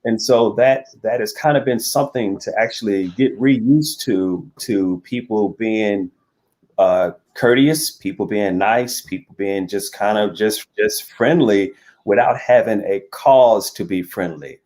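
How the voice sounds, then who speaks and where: A man's voice: lowish voice, measured pace, darkish tone. A man from the United States, a guest in a casual interview, talking candidly with frequent stammered restarts.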